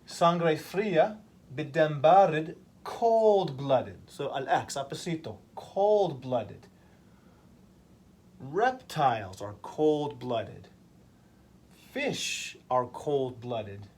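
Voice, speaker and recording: Male ESL teacher, slightly high voice, very slow and deliberate, drills vocabulary with easy questions. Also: animated, darkish tone. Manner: repeats key words and asks the class simple questions. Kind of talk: slow vocabulary lesson for language learners.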